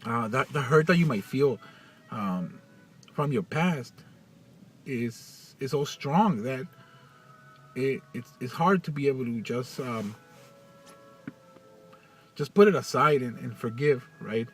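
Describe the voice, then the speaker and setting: A man talking in a personal vlog, halting and full of restarts, getting choked up as he speaks. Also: mid-range voice, recorded from a distance, soft background music. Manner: halting, many restarts and fillers. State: choked up, near tears. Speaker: vlogger.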